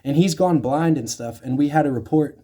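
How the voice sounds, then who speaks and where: Mellow-voiced young man telling a story. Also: fairly high pitch, fairly quick. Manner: swears freely, many fillers, animated acted-out quotes. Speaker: self-help speaker. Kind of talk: casual monologue, storytelling.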